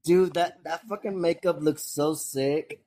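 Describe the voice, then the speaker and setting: A podcast host chats casually with friends and says "dude" and "like" a lot. The talk is drawn out and slow. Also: medium pitch, warm tone. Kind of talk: casual chat.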